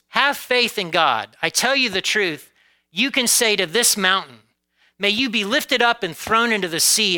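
Heard on a rough recording, a pastor from the United States delivers a sermon in a high, bright, forceful voice. He talks to his congregation conversationally, frequently asking "okay?" and "right?", with occasional laughs and a pace that swings between stretched-out emphasis and fast asides.

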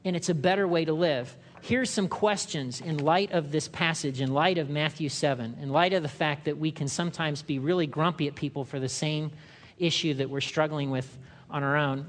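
A man preaching a sermon in a conversational way, acting out quotes in loud, higher voices. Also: long reverb tail. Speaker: pastor.

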